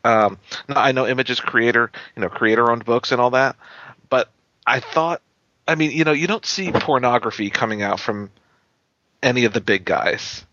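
A man's voice: mid-range voice, moderate pace, sharp tone. A man co-hosting a casual chat who laughs often and tells things animatedly. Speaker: podcast co-host. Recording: dull lo-fi sound.

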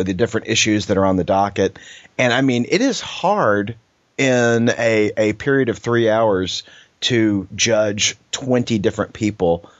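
A man's voice: lowish voice, no echo, highs cut off. A man co-hosting a podcast, telling stories in a rambling casual way with many restarts and laughs. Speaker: podcast co-host. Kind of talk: casual chat.

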